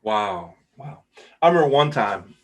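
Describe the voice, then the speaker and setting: A man's voice: mid-range voice, big pitch swings, a little slow, husky. A middle-aged man hosting a podcast, chatting casually and reacting with enthusiastic wows. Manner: enthusiastic, repeats "wow". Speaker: podcast host. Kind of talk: casual interview chat.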